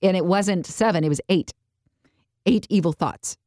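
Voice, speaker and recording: A woman's voice: on the low side, moderate pace, warm tone, dry recording, clean studio sound. A woman co-hosting a faith podcast, explaining church history in a chatty, easygoing way. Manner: chatty, explanatory, laughs easily. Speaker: podcast co-host. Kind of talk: casual faith podcast chat.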